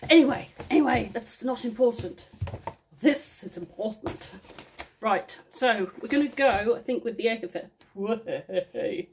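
A Northern English woman chatting her way through a record unboxing. Her voice sits a little high. She rambles and mutters instructions to herself as she goes. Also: animated, unhurried, slight background noise. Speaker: vinyl unboxing vlogger. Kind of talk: casual unboxing chat.

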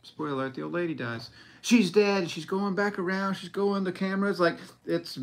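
A man's voice: sits high, fairly quick. A man co-hosting a podcast, chatting casually and playfully about movies, joking and swearing. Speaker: podcast co-host. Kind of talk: casual chat.

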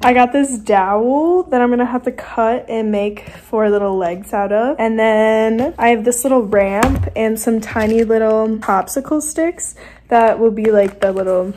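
A woman's voice: on the high side, unhurried, a little mellow. A young woman chatting in a casual vlog, giddy and bubbly, laughing often as she talks to her phone. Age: young adult. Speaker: vlogger. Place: in a car while driving, later at home. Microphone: phone propped on the dashboard. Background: faint road and wind noise.

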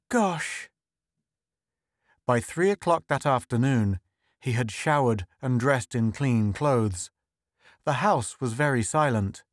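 A man reading a science fiction short story aloud as scripted narration, slow and measured. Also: medium pitch, no room sound, studio quality. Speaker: audiobook reader.

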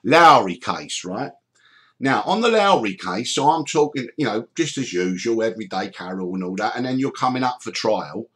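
A middle-aged man hosting a podcast, telling stories in an animated way, swearing freely and acting out the people he quotes. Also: mid-range voice, moderate pace. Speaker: podcast host. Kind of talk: storytelling chat.

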